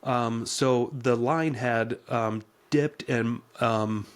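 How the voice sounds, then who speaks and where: A man talking through the steps as a podcast co-host in an easygoing, explanatory way. His voice sits at an ordinary middle pitch, and he keeps circling back with "um"s and restarts as he explains. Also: fairly even intonation, very slow. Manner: conversational, with many fillers and restarts. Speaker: podcast co-host, real estate agent. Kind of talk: casual explanatory chat.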